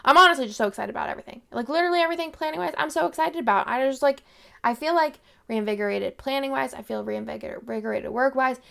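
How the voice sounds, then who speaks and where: Chatty young woman with vocal fry. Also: high-pitched, fast, bright, forceful tone. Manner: rambling, filler-heavy, lots of "like". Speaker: planner vlogger. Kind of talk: casual chat.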